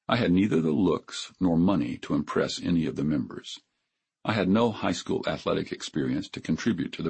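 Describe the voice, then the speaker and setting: A man in his seventies from Texas, narrating his memoir in a measured, reflective way. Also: low voice, gravelly, darkish tone, breathy edge.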